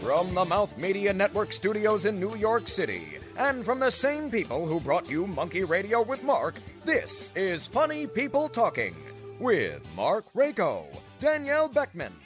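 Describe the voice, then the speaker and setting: A man's voice: high-pitched, huge pitch swings, unhurried. A man announcing the opening of a comedy podcast in a sing-song, swooping delivery. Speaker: show announcer. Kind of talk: produced show intro. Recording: voice over loud music.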